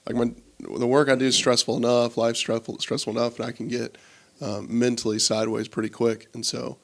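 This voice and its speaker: Gravelly-voiced husband and dad. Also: male voice, mid-range voice, level tone, a little fast. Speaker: guest, husband and father. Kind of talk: casual podcast chat.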